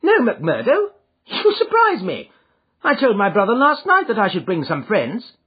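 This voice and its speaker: Brief: male narrator doing a nervous, fussy gent; high, fluttery, husky, lo-fi. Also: huge pitch swings, measured pace, full character voice. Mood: insistent. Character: fussy nervous middle-aged gentleman, Thaddeus Sholto. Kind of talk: audiobook character voice. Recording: muffled lo-fi audio.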